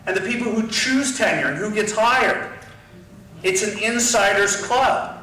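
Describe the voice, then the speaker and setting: Forceful man lecturing in a hall. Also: high-pitched, a little slow. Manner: forceful, combative, acts out whispered asides. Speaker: guest lecturer. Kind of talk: impassioned political speech. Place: large university lecture hall. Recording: roomy hall, voice from far off the mic, faint noise.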